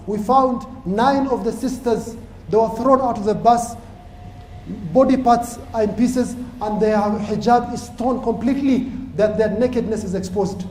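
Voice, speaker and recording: A man with a very high voice preaches a cautionary story in an impassioned sermon. His tone is mellow and he builds to emphatic peaks. The recording carries roomy echo with faint background hiss. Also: unhurried.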